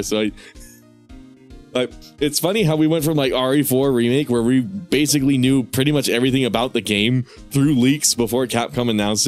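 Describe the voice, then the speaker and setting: A man streaming a game, rambling casually, swearing and laughing often. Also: mid-range voice. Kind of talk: casual gaming stream commentary.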